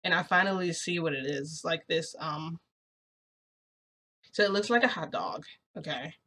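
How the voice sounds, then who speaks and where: A young woman casually telling a story as a vlogger, chatty and excitable, often saying "freaking". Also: low-pitched, moderate pace.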